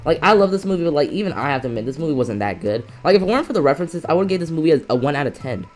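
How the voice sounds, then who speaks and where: Brief: young male reviewer, slightly high voice, excitable rambling rant, faint music underneath. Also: very fast. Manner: excitable, rambling, frequent restarts. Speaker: movie reviewer. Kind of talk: casual reaction rant. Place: indoors, filming himself.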